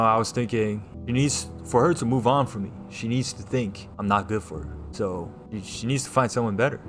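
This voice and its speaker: A young man from New York, livestreaming and telling a personal story to his chat in a rambling way, loud one moment and hushed the next. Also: on the low side.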